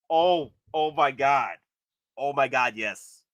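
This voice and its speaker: A man hosting a live stream, commenting excitedly on collectible figures and gushing with repeated exclamations. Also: mid-range voice, slow pace, no room sound, clean studio sound. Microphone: streaming setup.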